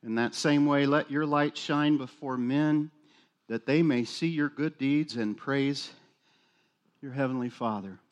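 A man's voice: mid-range voice, measured pace, lo-fi sound. A male pastor preaching a sermon in a conversational, self-deprecating way with jokes.

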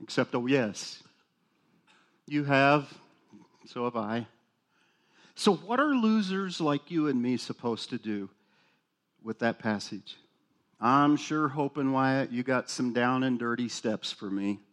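A man's voice: mid-range voice, expressive, slow, long pauses, a bit bright. A male pastor preaching a sermon in a conversational, self-deprecating way with jokes.

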